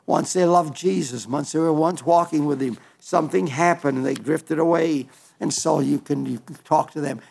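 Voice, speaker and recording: Male preacher, fairly high gravelly voice, earnest sermon delivery with halting restarts. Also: darkish tone.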